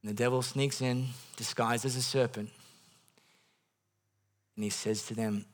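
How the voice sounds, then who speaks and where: A man preaching a sermon in a church, swinging from hushed passages to loud bursts and repeating phrases for emphasis. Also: medium pitch, fairly even intonation, unhurried, long pauses. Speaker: pastor.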